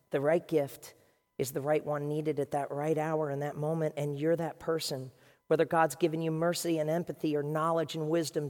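A male pastor preaching to his congregation in a lively, conversational way, with quick asides to the room. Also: a little high. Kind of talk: sermon. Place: large church hall with a congregation. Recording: long reverb of a large hall.

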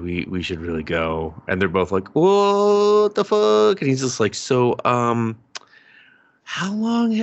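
A man co-hosting a podcast, recapping anime in casual chat, animated and swearing freely as he acts out scenes. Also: deep voice, vocal fry, dry recording. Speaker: podcast co-host.

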